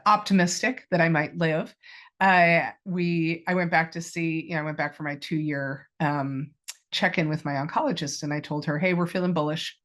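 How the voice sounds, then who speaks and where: Candid woman in her fifties. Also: on the low side. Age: 50s. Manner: candid and reflective, with frequent fillers. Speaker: cancer patient guest. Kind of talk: personal story in an interview.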